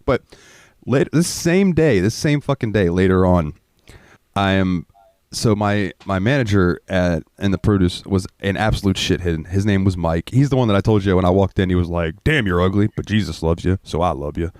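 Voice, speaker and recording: Deep-voiced man rambling through stories. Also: moderate pace, darkish tone, no echo, clean studio sound. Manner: rambling, profane anecdotes with filler words. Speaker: podcast host. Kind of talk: casual storytelling chat.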